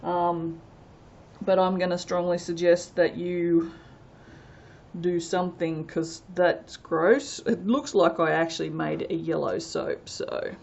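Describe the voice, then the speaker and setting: A woman's voice: fairly low pitch, fairly even intonation, slow pace, vocal fry, darkish tone, muffled recording. A woman chatting casually as she works on a soap-making vlog, rambling along with self-deprecating asides. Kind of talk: casual commentary while working.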